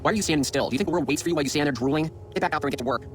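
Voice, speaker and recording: An actor playing a foul-mouthed, abusive head chef who rants and then sinks into self-pity, in a game. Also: male voice, fairly high pitch, very fast, slight background noise, close to an everyday voice. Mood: ranting. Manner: ranting, profane, self-pitying. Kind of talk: video game voice acting.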